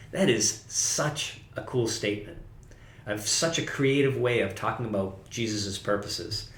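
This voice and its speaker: A man's voice: fairly low pitch, measured pace, echoey room. A man preaching a casual, conversational sermon as pastor, often correcting himself and laughing at his own slips.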